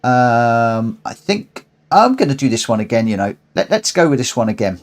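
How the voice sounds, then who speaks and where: A man's voice: mid-range voice, big pitch swings, normal speed, slight background noise. Chatty man streaming races. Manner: chatty, friendly, reads results aloud. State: out of breath. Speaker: streamer hosting online races. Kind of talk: casual live-stream commentary. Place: home room.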